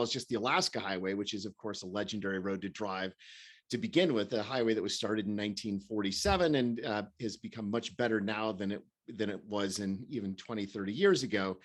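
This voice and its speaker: A man's voice: fairly low pitch, fairly bright tone. A man co-hosting a casual podcast who talks in long rambling stretches, chuckling often. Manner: rambling, chuckling, many fillers and restarts. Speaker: podcast co-host. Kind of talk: casual chat.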